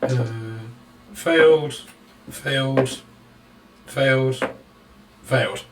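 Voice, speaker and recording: A man acting as dungeon master, narrating and ruling on rolls in a relaxed way, laughing often. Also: medium pitch, very slow, vocal fry. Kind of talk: running a tabletop game over voice chat.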